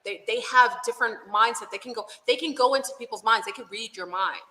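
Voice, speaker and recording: A woman's voice: a little high, fast talker, bright, forceful tone. A woman guest in a casual spiritual chat, talking in an earnest, enthusiastic way. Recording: echoey room with long reverb.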